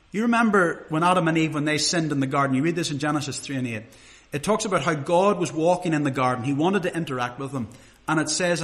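Middle-aged man, pitched a little high, preaching a chatty, earnest sermon. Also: fairly bright tone. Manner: conversational, earnest, with rhetorical questions.

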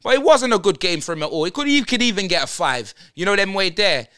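A man's voice: sits high, animated, fast talker, pushed and bright, clean tone. A young man, hosting a football fan channel and ranting through player ratings in heavy slang.

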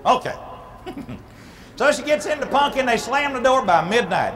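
A man, a humorist minister telling an animated, playful comic story at a live speaking event. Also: extremely high pitch, a little slow, long pauses, a little hiss or hum. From Southern United States. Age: 40s.

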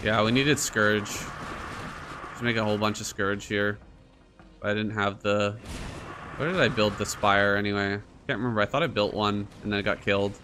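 A man's voice: lowish voice, normal speed. Man, gaming streamer, casual commentary, swears a lot, mocks and laughs, faint music behind. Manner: excitable, swearing, mocking, laughing often.

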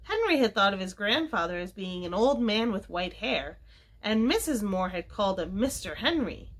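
Library read-aloud, woman narrator, expressive and lively pitch. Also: moderate pace. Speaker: library storytime reader. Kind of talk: reading a children's book aloud.

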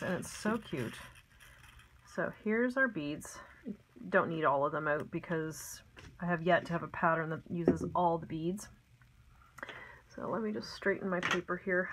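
Middle-aged lady walking you thru a craft at her desk, kinda low voice, chatty, lots of ums. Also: fairly bright tone, a little hiss or hum, rough recording. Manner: chatty, homey, with frequent ums and asides. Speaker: craft tutorial host. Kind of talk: casual step-by-step craft lesson. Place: home craft desk, indoors.

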